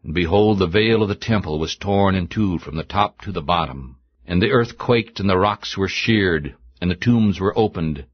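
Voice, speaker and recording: Deep male reader, measured and solemn delivery of scripture, dull lo-fi recording.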